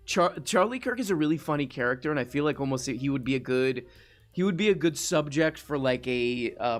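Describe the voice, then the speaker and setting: Rambling male live-stream host. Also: mid-range voice. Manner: rambling, frequent restarts, reads chat aloud. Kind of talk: casual live-stream chat.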